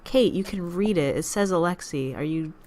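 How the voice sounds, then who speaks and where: A woman with a notably low speaking voice talks her way through a game as the channel's host. Her commentary wanders into distracted asides and playful teasing of the on-screen heroine. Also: normal speed, dark tone. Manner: rambling, distracted chatter with asides. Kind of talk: let's play commentary.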